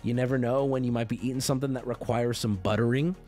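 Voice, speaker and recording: A man's voice: mid-range voice, steady tone, fast talker, a little mellow, faint music behind. A man livestreaming and talking casually to his chat, rambling, joking and swearing freely. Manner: rambling, profane, jokey.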